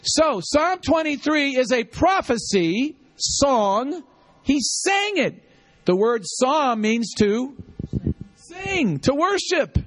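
High-voiced man preaching slowly. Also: sing-song, a bit bright. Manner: call-and-response teaching, repeating lines for the congregation. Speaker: pastor. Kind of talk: sermon.

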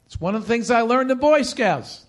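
A man delivers a sermon from the pulpit with a high, animated voice full of swooping pitch. He leads the congregation in repeating phrases. He presses each point home by saying it again and again. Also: moderate pace. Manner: animated preaching with call-and-response. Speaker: pastor.

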